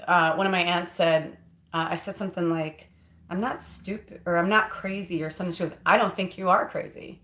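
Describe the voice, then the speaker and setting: A woman's voice: lowish voice, fairly bright tone, roomy sound. A woman hosting a casual livestream as a spiritual medium, talking in a rambling, heartfelt way with lots of fillers and asides.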